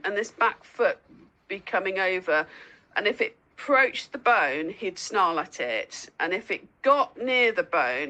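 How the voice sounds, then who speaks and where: A woman guest in a casual interview, telling lively stories with lots of laughter and squeaky acted-out asides. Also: low-quality recording. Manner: giggly storyteller, acts out lines in a high squeaky voice. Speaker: guest, dog owner and foster carer.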